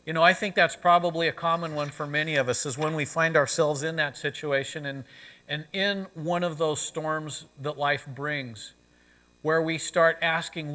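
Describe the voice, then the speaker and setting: A man's voice: on the high side, fairly even intonation, normal speed, pushed and bright. A male pastor preaching a sermon in a conversational way, often saying "you know," in a church sanctuary. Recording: long reverb of a church sanctuary.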